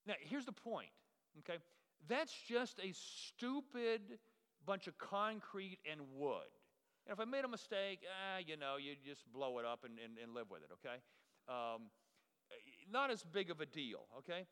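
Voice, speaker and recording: A middle-aged male pastor tells a rambling, self-mocking story as part of a sermon. His voice is bright, forceful and crisp. It rings out with a long reverb, as in a large hall. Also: high-pitched, animated, moderate pace.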